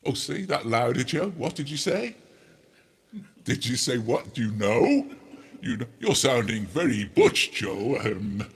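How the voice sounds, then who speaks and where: A man's voice: big pitch swings, a little slow, breathy edge. Joking man through a harmonizer effect. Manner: joking, rambling, self-mocking. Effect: voice run through a harmonizer pitch effect. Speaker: host demonstrating audio effects. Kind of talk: casual demo chat with playful joking.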